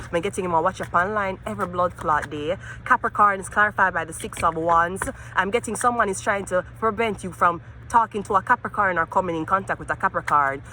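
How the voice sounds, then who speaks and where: A woman with a Jamaican accent reads tarot cards outdoors for her vlog, cursing freely as she moves between heated rants and quiet muttering. Her voice is bright and sharp, with a faint hum of traffic behind her. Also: lowish voice. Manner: profane, cursing, swings between ranting and muttering. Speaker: tarot reader.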